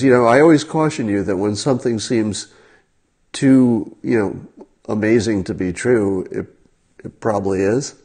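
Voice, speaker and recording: A man's voice: mid-range voice, creaky, a little mellow, husky. Wry man talking to his livestream viewers. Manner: wry, incredulous, talks straight to viewers. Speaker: livestream host. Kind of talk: casual livestream commentary.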